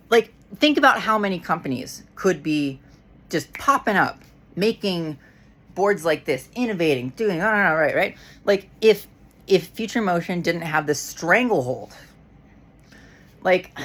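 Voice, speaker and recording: A woman's voice: medium pitch, fairly bright tone. A woman ranting to camera in a casual vlog, heated and frustrated, swearing often and restarting her sentences. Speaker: vlogger.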